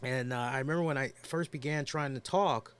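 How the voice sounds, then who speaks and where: A man's voice: mid-range voice, fairly quick, clean tone. Rambling, chatty male podcast host. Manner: rambling storyteller with frequent fillers and laughs. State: nursing a headache. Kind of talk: casual chat.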